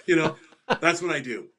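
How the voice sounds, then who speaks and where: Emphatic middle-aged man, storytelling guest. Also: on the high side. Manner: emphatic, repeats punchlines, laughs at own jokes. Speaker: podcast guest, financial advisor. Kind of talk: animated interview storytelling.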